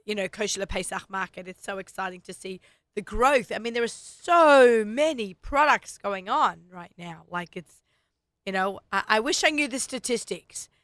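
A middle-aged woman with an Australian accent hosting a radio talk show, chatty and quick to laugh. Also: mid-range voice, lively intonation, a bit bright, no echo, clean studio sound. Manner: chatty, laughs often, does little voices when quoting. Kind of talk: casual chat.

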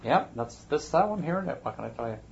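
A man's voice: fairly high pitch, very animated, brisk, creaky, background noise. A man hosting a casual chat, thinking aloud as he talks. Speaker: podcast host. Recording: muffled lo-fi recording.

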